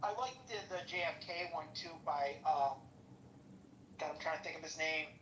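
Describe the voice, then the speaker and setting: A woman's voice: sits low, fairly even intonation, normal speed, a bit bright. A woman on a podcast chatting casually about politics, hesitant and restarting often. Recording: echoey room with faint noise.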